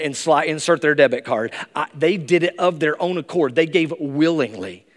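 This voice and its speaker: Male pastor, sermon delivery, fairly high voice, long church-hall reverb. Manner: emphatic, rises to high excited bursts. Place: church sanctuary.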